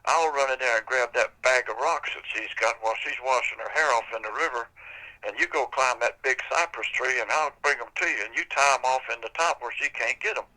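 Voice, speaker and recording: A man's voice: medium pitch, brisk, poor audio. An older man voicing a brave twelve-year-old girl who steadily lays out her plan. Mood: determined. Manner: steady, planning, self-assured.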